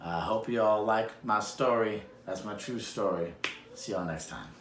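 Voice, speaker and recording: A man telling a personal true story on a self-recorded video, acting out quotes with sudden jumps in pitch. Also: normal speed. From Madison, Wisconsin area. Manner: animated, acts out quotes with big pitch jumps. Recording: echoey room with faint noise.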